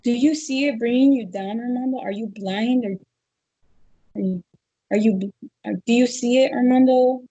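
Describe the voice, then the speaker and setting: A woman under hypnosis describing what she sees, speaking hesitantly with halting restarts. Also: on the high side, dark tone, breathy edge, no echo, lo-fi sound. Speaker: hypnosis client.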